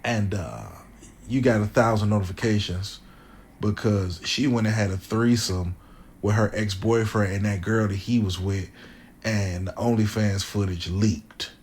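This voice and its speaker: A man's voice: on the low side, fairly even intonation, measured pace, darkish tone, a little hiss or hum. A man on a podcast telling a made-up story in vivid, slangy casual chat.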